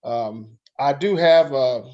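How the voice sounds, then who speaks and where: A man's voice: medium pitch, slow pace, darkish tone. A man courteously greeting a colleague and asking him a question about teaching band. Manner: polite and courteous. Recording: dull lo-fi sound.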